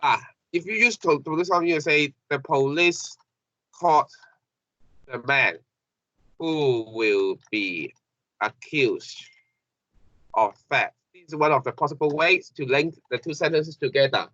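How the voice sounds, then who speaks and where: A man teaching an English grammar lesson, halting and repeating phrases with many fillers. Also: a little high, sharp tone, no echo. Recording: dull lo-fi classroom recording.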